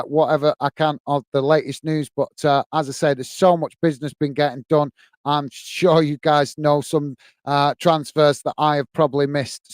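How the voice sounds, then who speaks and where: A man's voice: fairly high pitch, darkish tone, clear, resonant tone, dry recording. A man from the UK hosting a live football fan stream, chatting casually and thanking viewers for their comments. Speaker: football channel host. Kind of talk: live stream chat reading.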